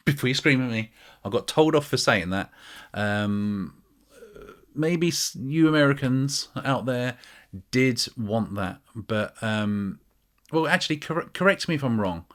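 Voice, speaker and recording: Man, British accent, slightly low pitch, casual vlog chat, rambling, self-mocking. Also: a bit bright. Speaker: music vlogger.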